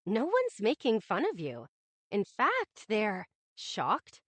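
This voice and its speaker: A woman's voice: medium pitch, wildly swooping pitch, takes it slowly, no echo, full character voice. A woman reading the part of a nosy young female friend who teases and gossips over the phone. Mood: reassuring. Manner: nosy, playful, sarcastic.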